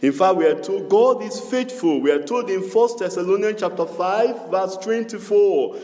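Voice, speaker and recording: Male pastor, high animated pitch, unhurried call-and-response sermon, church hall echo with long reverb. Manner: call-and-response preaching, repetitive, sing-song cadence.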